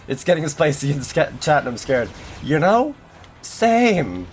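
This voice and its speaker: A man streams a video game and chats casually with his viewers, rambling and running himself down with plenty of fillers and restarts while faint game music plays. His voice is fairly high and very animated, and he takes his time.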